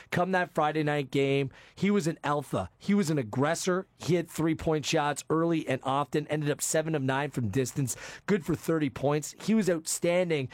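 Jokey sports podcast host. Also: male voice, a little high, no echo. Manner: quick, jokey, teasing. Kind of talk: casual sports podcast chat.

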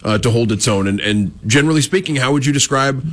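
A man co-hosting a sports radio show, asking long, halting questions that stumble over their own start. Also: mid-range voice. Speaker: radio co-host.

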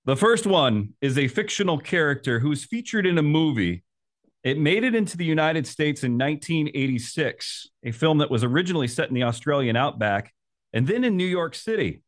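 A man's voice: fairly high pitch, very animated, a little fast. A man hosting a podcast, asking questions in an upbeat, chatty way. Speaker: podcast host. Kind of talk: casual podcast interview.

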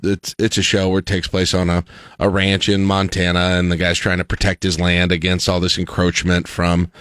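A man's voice: sits low, monotone, normal speed, a bit bright, clear, resonant tone, no room sound, studio quality. A man hosting a casual talk show, telling stories in a rambling way with many restarts. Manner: rambling, self-interrupting storyteller with frequent restarts. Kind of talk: casual chat.

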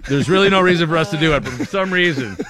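A high-voiced man cracks jokes and laughs through a casual chat. A crowd can be heard clearly behind him. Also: very fast. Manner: jokey, laughs often, riffs on the story. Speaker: podcast co-host.

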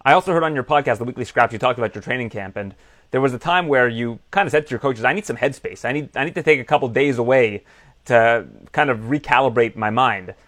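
A man interviewing a fighter, asking brisk conversational questions. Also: mid-range voice, fairly bright tone, dry recording.

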